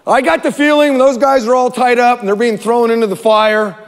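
A male pastor delivers a sermon in a fairly high voice. He tells it as animated storytelling, hammering phrases again and again. A long hall reverb trails each line. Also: fairly quick.

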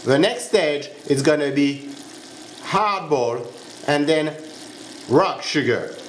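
A man's voice: on the high side, slow, echoey room, a little hiss or hum. A man with a French accent, a pastry chef giving a step-by-step cooking demonstration in a kitchen. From France. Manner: instructive, step-by-step, checks in with "huh?".

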